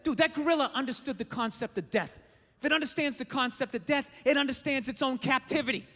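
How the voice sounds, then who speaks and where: A man's voice: very high-pitched, quick pace, a bit bright. A man doing a profane, ranting stand-up comedy routine on stage, acting out the voices in his story. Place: comedy stage before an audience. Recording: live venue with long reverb, faint noise.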